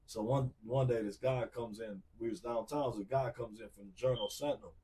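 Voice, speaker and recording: Man in his forties, R&B singer, tells stories lively and acts out others, mid-pitched voice set back from the mic. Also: brisk, far from the mic. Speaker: R&B singer, podcast guest. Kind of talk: casual storytelling.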